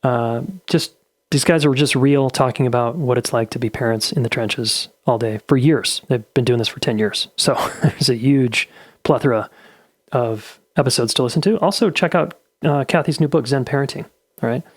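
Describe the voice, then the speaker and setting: A man's voice: mid-range voice, moderate pace, no room sound. Easygoing male podcast host. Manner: easygoing, affirming, many "uh" fillers. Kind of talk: podcast interview and outro.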